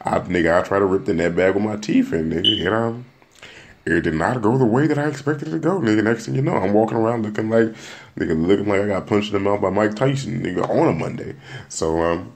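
A man's voice: on the low side, fast. A young man hosting his own podcast, talking casually and joking, rambling and restarting his sentences. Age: young adult. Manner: rambling, joking, repeats words and restarts often. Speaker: podcast host. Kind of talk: casual solo podcast monologue.

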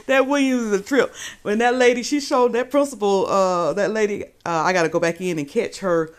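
A woman's voice: medium pitch, moderate pace, long pauses. A woman hosting a live stream, gossiping about a clip and greeting viewers by name. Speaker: livestream host. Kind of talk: casual commentary on a live stream.

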